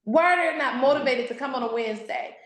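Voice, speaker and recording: A woman's voice: high voice, a little fast, fairly bright tone, roomy sound, low-quality recording. A woman author and speaker giving an interview, exhorting in an emphatic, sermon-like way. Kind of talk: candid interview, preacherly.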